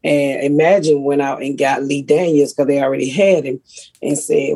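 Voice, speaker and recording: A raspy middle-aged woman, a comedian hosting a podcast and telling blunt, profane stories. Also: low-pitched, level tone, moderate pace, dark tone, dry recording. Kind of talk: casual podcast chat.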